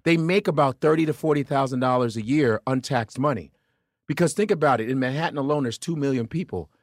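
A man's voice: mid-range voice, quick pace, no echo, clean studio sound. A male comedian, talking loosely in a podcast chat and slipping into mocking voices. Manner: animated, profane, does mocking voices. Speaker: comedian guest.

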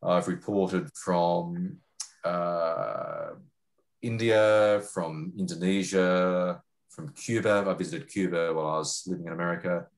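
A man with an Australian accent and a deep, low-pitched voice answers questions in an interview. He speaks haltingly, stopping to restart his sentences and fill pauses with ums and uhs. He sounds middle-aged, a journalist talking about his reporting. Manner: hesitant, many fillers and restarts. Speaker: journalist and foreign correspondent.

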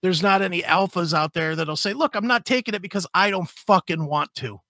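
A man's voice: high-pitched, brisk, pushed and bright, no room sound. A man co-hosting a podcast, reading an article aloud and mocking it with crude, sarcastic asides. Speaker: podcast co-host. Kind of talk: casual podcast banter.

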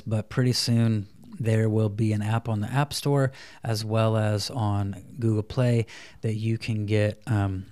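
A man in his thirties, a parenting coach, chatting in an interview and softly acting out talks between parents and children. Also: fairly low pitch. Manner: acts out parent and child dialogue in a soft voice. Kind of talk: casual interview chat.

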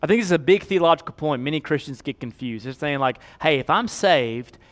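A male pastor delivering a sermon in a fairly high voice. He drops to a near hush on key words, then rises to loud, quick pleading. His preaching is earnest and direct. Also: expressive. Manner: swings from hushed to loud and fast, pleading.

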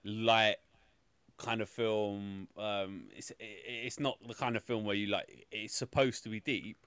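A man hosting a film review podcast, talking in an animated, exasperated way and swearing often. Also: lowish voice, unhurried, clear, resonant tone, no echo. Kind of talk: casual chat.

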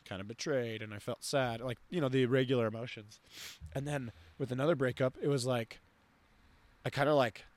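A man's voice: mid-range voice, fairly even intonation, brisk. A young man hosting a podcast, talking casually and rambling with lots of fillers and restarts. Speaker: podcast host. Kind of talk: casual conversation.

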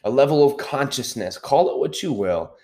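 A man's voice: mid-range voice, animated, moderate pace, a little mellow. Earnest male self-help podcaster. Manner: earnest, repeats key points and checks in with "okay?". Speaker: podcast host. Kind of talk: motivational self-help talk.

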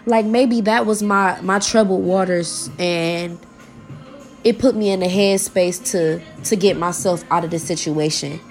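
A woman's voice: on the low side, unhurried, darkish tone, soft background music. A young woman, talking to her viewers in a personal vlog, heartfelt and informal, often repeating herself as she searches for words, close to tears at times.

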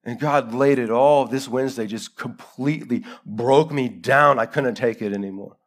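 A man preaching a live sermon in a church, swinging between loud urgency and hushed gravity. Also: mid-range voice, moderate pace. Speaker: pastor.

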